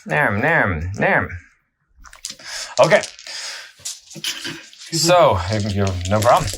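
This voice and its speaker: A man's voice: on the high side, fairly bright tone, slight background noise. A man hosting and playing a tabletop battle, chatty, thinking aloud and often laughing as he talks through the moves. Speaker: host and player. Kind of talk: casual tabletop battle commentary.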